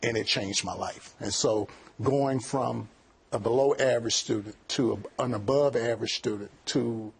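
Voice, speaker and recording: Husky middle-aged guy, college president, earnest, repeats himself mid-thought. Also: medium pitch, moderate pace. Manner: earnest, repeats words while thinking. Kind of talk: interview answers.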